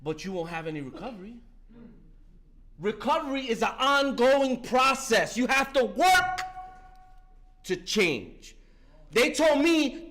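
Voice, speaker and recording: A man's voice: very high-pitched, sing-song, measured pace, bright, forceful tone. A man in his fifties from New York, giving a passionate, profane recovery testimony and often breaking off with "listen" and "man.". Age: 50s. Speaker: speaker sharing at a recovery meeting.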